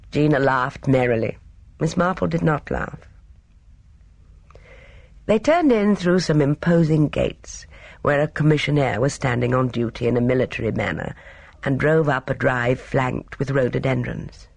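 An audiobook reader narrating a novel in an expressive, measured storytelling manner. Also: mid-range voice, vocal fry, dry recording.

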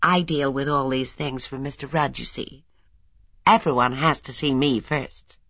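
A woman's voice: extremely low pitch, steady tone, measured pace, a bit bright, no room sound, dull audio, heavily acted. A woman reading an audiobook and voicing an officious, evasive male secretary. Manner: officious, smoothly dismissive.

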